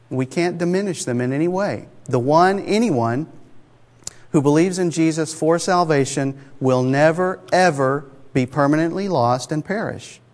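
Preacher guy, chatty and emphatic, tosses questions at the crowd, voice rings out with long hall reverb. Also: on the high side. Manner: conversational, emphatic, asks the congregation rhetorical questions. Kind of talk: sermon.

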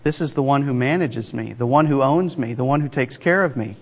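A man delivers a sermon in an easygoing, conversational manner, leaning hard on key phrases and tossing rhetorical questions to his listeners. His voice sits at an ordinary middle pitch and carries a long reverberant tail, as if he is speaking in a church sanctuary. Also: fairly quick. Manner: conversational, emphatic, rhetorical asides. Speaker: preacher.

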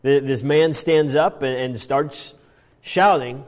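A man teaching a Bible passage in an animated sermon style, often restarting his phrases. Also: mid-range voice, takes it slowly, long reverb tail. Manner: animated, acts out quoted lines, frequent restarts. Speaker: preacher.

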